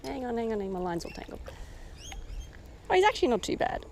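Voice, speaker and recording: A woman with an Australian accent chatting casually as she fishes, talking to the fish and getting very excited over a catch. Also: on the high side, fast talker, slight background noise. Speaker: fishing vlogger. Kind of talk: casual running commentary while fishing. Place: outdoors by the water in the rain.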